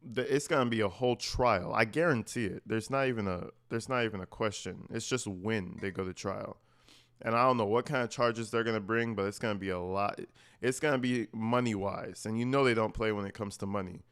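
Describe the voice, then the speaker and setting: A man's voice: fairly low pitch, fairly quick, fairly bright tone. A man giving casual commentary on meeting clips, blunt, mocking and full of swearing.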